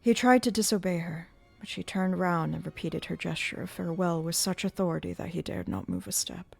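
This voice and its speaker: A woman narrating a classic novel aloud in a measured, dramatic reading style during a live stream. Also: lowish voice, gravelly, slightly rough, soft background music. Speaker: audiobook reader.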